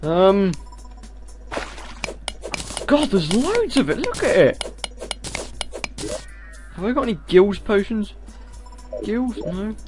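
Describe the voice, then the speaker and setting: Man on a headset mic, casual game commentary, pitch jumping all over, unhurried, game music behind. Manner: excitable, bursts into loud exclamations and yelps; talks back to enemies on screen. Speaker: video game let's player.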